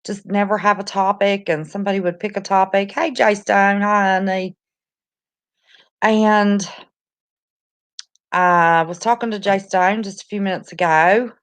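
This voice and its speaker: A woman's voice: mid-range voice, steady tone, unhurried, long pauses. A woman, chatting casually on her livestream, greeting viewers by name and calling them honey. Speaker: livestream host. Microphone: no headphones, device mic.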